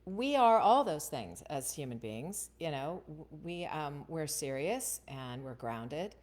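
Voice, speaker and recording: Low, chatty woman hosting a casual voiceover Q&A. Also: sing-song, slow, a little mellow. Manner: chatty, keeps asking "right?". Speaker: voiceover coach and host. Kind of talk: casual Q&A livestream.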